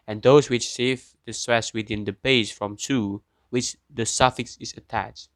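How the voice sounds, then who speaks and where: A young man with an Indonesian accent reading a student presentation, pausing between example words. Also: mid-range voice, no room sound.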